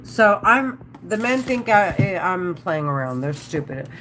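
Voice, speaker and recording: A woman's voice: lowish voice, big pitch swings, slow, background noise. Angry ranting woman on a livestream. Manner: angry, profane, rambling ranting. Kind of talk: agitated monologue to camera.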